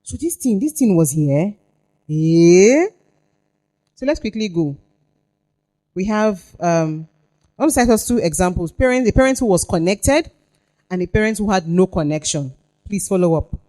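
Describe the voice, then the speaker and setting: A woman's voice: fairly low pitch, expressive, moderate pace, pauses often, dark tone. Woman teaching parents, emphatic. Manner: emphatic, asks the audience questions, reads scripture aloud. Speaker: parenting workshop speaker. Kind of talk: workshop teaching with Bible reading.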